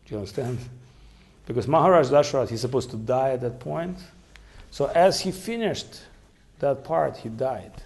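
A man telling devotional stories in a halting way with many fillers. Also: medium pitch, lively intonation, a little mellow. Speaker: storyteller. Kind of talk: devotional storytelling.

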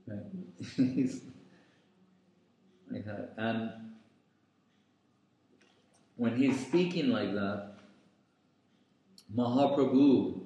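Guy teaching scripture, super slow with lots of uhs, really echoey room. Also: medium pitch, dark tone. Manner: slow and deliberate, pausing with fillers. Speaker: spiritual teacher. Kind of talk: scriptural lecture.

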